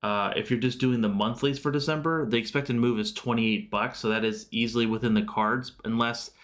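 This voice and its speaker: A man's voice: medium pitch, fairly even intonation, a little fast, fairly bright tone. Chatty man talking through stock charts. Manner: loose and chatty, many fillers and self-corrections; answers viewer chat questions. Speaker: livestream host. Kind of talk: casual live stock market commentary.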